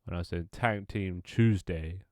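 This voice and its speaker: A man's voice: low-pitched, measured pace, no room sound, clean studio sound. A man with a stuffy, congested nose, rambling and joking casually while streaming his game development work live. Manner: rambling, self-mocking, swears casually.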